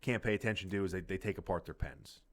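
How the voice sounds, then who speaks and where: A man's voice: sits low, fast talker. A man co-hosting a podcast, telling rambling, profane stories in casual chat and acting out the people in them. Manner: rambling, profane, acts out quotes. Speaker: podcast co-host.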